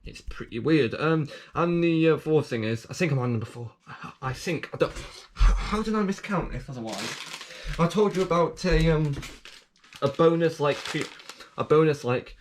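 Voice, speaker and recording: A man's voice: fairly high pitch, moderate pace, slight background noise. A man getting over a cough, chatting casually in a vlog and rambling with lots of fillers and restarts. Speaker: vlogger. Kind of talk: casual unboxing chat.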